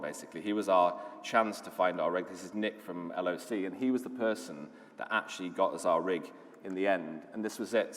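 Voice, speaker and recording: Low-voiced british guy giving a conference talk, chatty and keen, reverb from the hall. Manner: enthusiastic storytelling, conversational with fillers. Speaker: conference speaker, lead designer.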